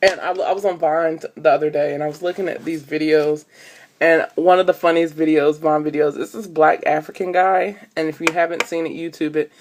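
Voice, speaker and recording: A woman's voice: sits low, fairly even intonation, fairly quick, slight background noise. A young woman vlogging casually into her phone camera, rambling with lots of fillers. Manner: chatty, rambling with many fillers.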